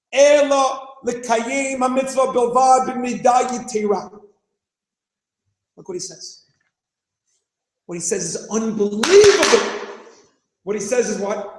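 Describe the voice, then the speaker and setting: A man in his thirties, speaking a little slowly in an extremely high pitch, delivers an animated classroom lesson full of rhetorical questions, acted-out scenes and raised-voice emphasis. The audio is poor and the room sounds roomy.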